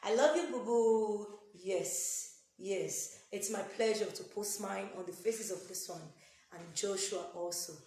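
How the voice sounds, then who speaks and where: A woman's voice: medium pitch, steady tone, a little slow, darkish tone, slight background noise. A woman with a Nigerian accent makes an emphatic, repetitive appeal to her viewers, dropping into pidgin and pouring out prayer-like blessings. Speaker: YouTube content creator. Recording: echoey room.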